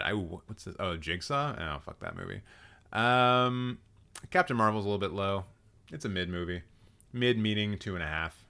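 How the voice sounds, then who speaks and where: A man's voice: on the low side, pushed and bright. A man hosting a live stream, giving blunt, sarcastic commentary and swearing freely. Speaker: host.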